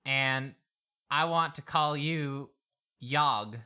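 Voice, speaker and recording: A man playing a tabletop game, answering the game master in slow, hesitant replies. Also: medium pitch, pushed and bright, clean tone. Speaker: player.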